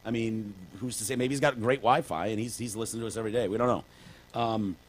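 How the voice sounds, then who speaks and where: A man's voice: lowish voice, fairly even intonation, fast. A man with a Detroit accent co-hosting a casual comedy podcast, sarcastic and prone to acting out little voices. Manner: sarcastic, acts out voices in bits. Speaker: podcast co-host.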